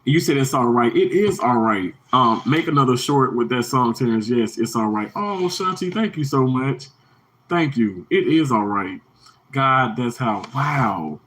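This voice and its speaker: Animated yet measured in pace, a man with a fairly bright tone hosts an emotional livestream on a low-quality recording. He talks to his viewers in a heartfelt, meandering way, repeating himself as his pitch jumps high when emphatic.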